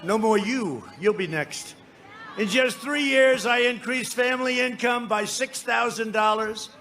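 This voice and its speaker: A man's voice: very high-pitched, a little slow, pushed and bright, a little hiss or hum. A man giving a campaign rally speech, boastful and rambling, bantering with the crowd from the stage. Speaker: political speaker at a rally. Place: outdoor rally before a large crowd.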